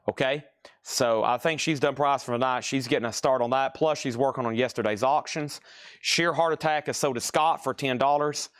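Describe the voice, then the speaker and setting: A man's voice: mid-range voice, a bit bright. A man hosts a live record sale. He talks casually and rambles, thinking aloud while he sorts. His voice sits in a middle range. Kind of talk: casual livestream selling.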